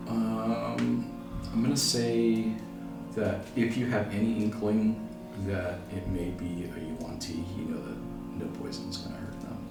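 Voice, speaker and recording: A man narrates a tabletop game as game master, his voice deep and gravelly. He talks in a soft, hesitant way, full of fillers. He sits away from the mic in an echoey room with music playing behind. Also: steady tone, a little slow, recorded from a distance. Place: living room at home.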